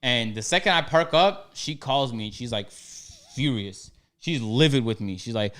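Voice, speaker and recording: A man's voice: mid-range voice, lively intonation, unhurried, few pauses, fairly bright tone. A young man casually telling a story on a podcast, acting out both sides with slang.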